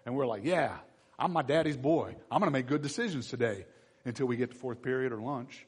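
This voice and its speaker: A man preaching a sermon to his church, animated and acting out the voices of everyday people. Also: mid-range voice, brisk, breathy edge. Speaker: pastor. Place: church sanctuary. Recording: long reverb in a church hall.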